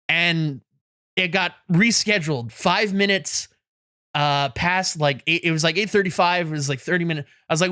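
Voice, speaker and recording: Guy on a podcast, bright tense voice, bit high, laughs at himself a lot, dry close mic. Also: moderate pace, no echo. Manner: animated self-deprecating storytelling, laughs often. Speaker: podcast co-host. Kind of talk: casual podcast chat. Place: in Canada.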